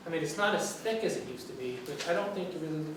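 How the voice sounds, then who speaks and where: An older man with a New York accent, a guest lecturer answering student questions in a relaxed, rambling way with fillers and restarts. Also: on the high side, quick pace. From New York City. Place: large lecture room. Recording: echoey room, far mic, faint noise.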